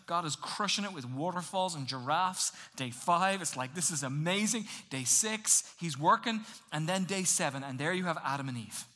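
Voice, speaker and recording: A man preaching a sermon in a lively, conversational way, acting out little voices for humor. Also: sits high, moderate pace, few pauses. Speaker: pastor.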